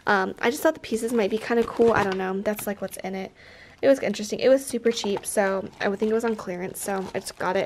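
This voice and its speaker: A woman's voice: mid-range voice, slight background noise. A young woman in her twenties, a teacher vlogging in a casual, chatty way with lots of fillers, her nose stuffed up from allergies. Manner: chatty, upbeat, many fillers. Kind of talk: casual vlog chat. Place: school classroom.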